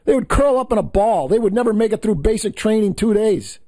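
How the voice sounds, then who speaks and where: High-voiced man ranting as a talk host. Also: animated, a little fast, mellow, no echo. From New York State. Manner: heated, scornful, stumbles and repeats words. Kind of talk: political commentary rant.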